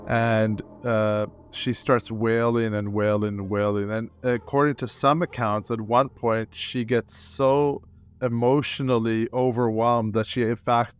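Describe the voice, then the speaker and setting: A man's voice: medium pitch, clean tone. A man, a guest historian on a podcast, recounting events in vivid, detailed storytelling with the odd filler.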